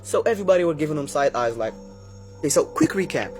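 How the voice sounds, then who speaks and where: A man's voice: fairly high pitch, animated, fast, darkish tone, faint music behind. Chatty man telling a spooky story. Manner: chatty, addresses listeners directly. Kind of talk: casual storytime narration.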